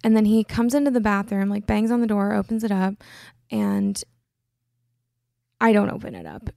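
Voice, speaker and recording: A woman's voice: mid-range voice, lively intonation, moderate pace, vocal fry, mellow, no room sound, clean studio sound. A young adult woman hosting a podcast, telling a personal story in a casual, chatty way full of "like" fillers. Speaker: podcast host.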